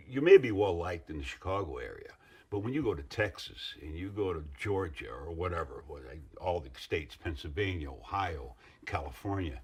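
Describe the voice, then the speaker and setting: Deep, husky middle-aged man recounting. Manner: rambling, earnest storytelling with restarts and asides. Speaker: interviewee, former union member. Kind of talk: interview recollection.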